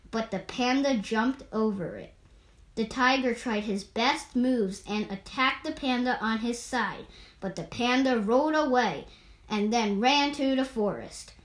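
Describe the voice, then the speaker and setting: A woman reads an animal fable aloud at a steady, measured pace. Her voice sits fairly high. The recording is roomy, with a clear echo. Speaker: storyteller.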